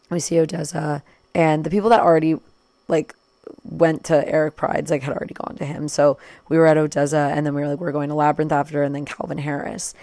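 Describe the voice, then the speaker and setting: Young woman, chatty vlog storytime, low voice, dry close sound, lots of "like". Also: creaky, darkish tone, dry recording. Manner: chatty, fast, full of "like", acts out quotes. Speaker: vlogger. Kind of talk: casual storytime recap.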